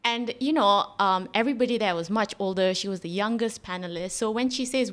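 A woman's voice: fairly high pitch, quick pace, hardly any pauses. Chatty woman podcast host. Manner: chatty, animated retelling with frequent fillers. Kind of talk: casual conversational explanation.

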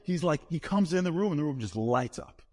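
Lively man telling a funny story. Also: fairly high pitch, a little fast, a little hiss or hum. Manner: lively, playful, self-deprecating. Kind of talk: humorous storytelling to a live audience. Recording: long hall reverb.

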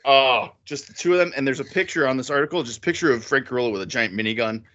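A man co-hosting a casual movie podcast, excitable and laughing, his voice jumping high when he gets worked up. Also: quick pace, muffled recording. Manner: excitable, jumps high in pitch when thrilled. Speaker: podcast co-host.

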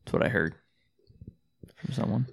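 A man's voice: on the low side, normal speed, creaky, slightly rough. A young man in casual podcast chat, laughing often and swearing while telling stories.

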